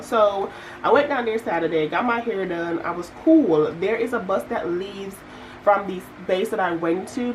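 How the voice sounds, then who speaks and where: A young woman, chatting casually to viewers as she works through her budget, telling stories with lively asides. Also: fairly low pitch, a little hiss or hum, rough recording. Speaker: budgeting vlogger. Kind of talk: casual chat while budgeting.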